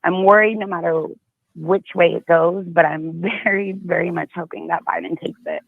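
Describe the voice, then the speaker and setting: A woman's voice: on the low side, fairly even intonation, normal speed, creaky, no room sound, phone-quality sound. A woman calling in to a talk show, speaking hesitantly with worry and frequent restarts. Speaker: caller. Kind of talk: phone call-in chat.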